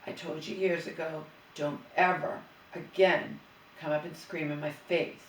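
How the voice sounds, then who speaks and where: A woman's voice: low voice, steady tone, a little slow, a little hiss or hum. A middle-aged woman vlogger venting in an agitated, profane, rambling monologue full of restarts. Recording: roomy and distant from the mic.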